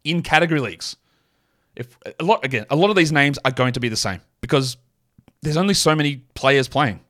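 A man's voice: on the high side, expressive, brisk, a bit bright. A man hosting a fantasy basketball podcast, talking through his picks in a rambling, self-correcting way full of fillers. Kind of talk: solo podcast analysis.

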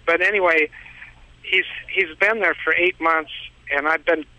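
A man's voice: fairly high pitch, fairly even intonation, unhurried, sharp tone, dry recording, poor audio. A man calling in, telling a long story in a rambling, repetitive way and laughing at himself. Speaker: caller. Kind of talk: casual phone-in storytelling.

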